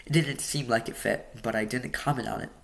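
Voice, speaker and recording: A man's voice: mid-range voice, fairly even intonation, brisk, creaky, a bit bright. A man reading his novel aloud casually, stumbling and adding joking asides. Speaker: audiobook reader.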